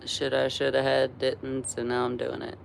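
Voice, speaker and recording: A woman's voice: a bass voice, completely flat delivery, moderate pace, gravelly, slight background noise. A tired woman in her forties hosting a casual live stream, chatty and rambling, laughing often between thoughts. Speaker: livestream host.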